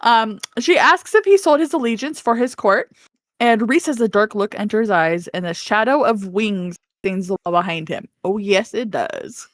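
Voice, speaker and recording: A woman co-hosting a podcast, retelling a book's scenes with quick animated storytelling. She laughs often and swears playfully. The sound is dry and close, at an ordinary middle pitch. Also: no room sound. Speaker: podcast co-host. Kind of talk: casual book recap.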